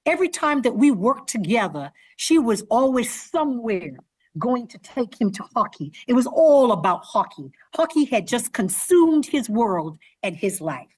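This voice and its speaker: A woman author telling a story to students, speaking to them directly as an animated storyteller. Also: a little high, normal speed, slightly rough, dry recording, clean studio sound. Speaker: children's author visiting schools.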